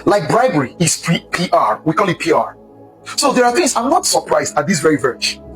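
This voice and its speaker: A man's voice: a little high, sing-song, fairly quick, fairly bright tone, faint music behind, low-quality recording. A man giving impassioned, preachy commentary, hammering his points with repetition. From Nigeria. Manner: emphatic, preachy, repeats points.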